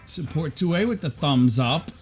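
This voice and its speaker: A man's voice: on the high side, expressive, normal speed, faint music behind. A man hosting a livestream, chatting casually and laughing often. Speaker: livestream host. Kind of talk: casual chat.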